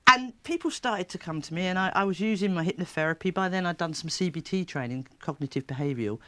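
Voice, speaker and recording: A woman, a therapist, telling stories in an interview with a lively, laughing manner. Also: on the low side, fast talker, no echo. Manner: lively, animated storyteller who laughs often. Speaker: therapist and child coach. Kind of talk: storytelling interview.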